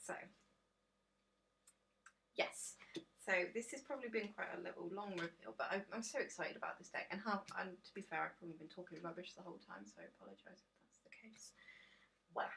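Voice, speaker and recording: A woman's voice: fairly low pitch, expressive, fairly quick, vocal fry, a bit bright, a little hiss or hum. A tired woman, chatting casually and rambling through a tarot deck reveal on her vlog, full of ums and self-deprecating asides. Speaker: tarot vlogger.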